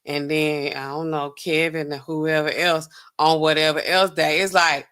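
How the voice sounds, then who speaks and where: A middle-aged woman with a bright, forceful voice hosts a casual livestream. She talks straight to her chat in a loose, easygoing way. She slows down to sound out long drug names. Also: low voice, level tone, clean tone. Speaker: pharmacist livestream host.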